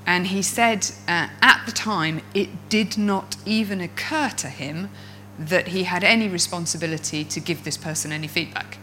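In a fairly low voice at a moderate pace with few pauses, this woman addresses an audience of coaches as a coach and speaker herself. Her storytelling is expressive, with inner voices acted out, over a low-quality recording carrying a bit of hiss or hum.

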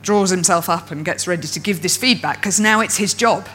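A coach and speaker addresses fellow coaches, her fairly low voice moving a little fast. She acts out inner voices while telling stories expressively, and the low-quality recording has a little hiss or hum.

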